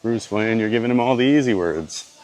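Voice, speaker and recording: A man with a Louisiana accent live-streaming from a theme park, reading and answering chat viewers in a relaxed way. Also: on the low side, normal speed.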